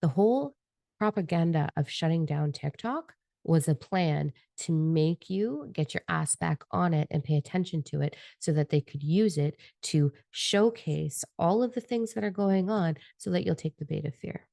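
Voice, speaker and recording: A woman's voice: deep voice, moderate pace, vocal fry, warm tone, dry recording, studio quality. A woman giving a spiritual energy forecast with tarot cards in a passionate, rambling and profane monologue. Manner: fervent, profane and rambling, admits getting carried away.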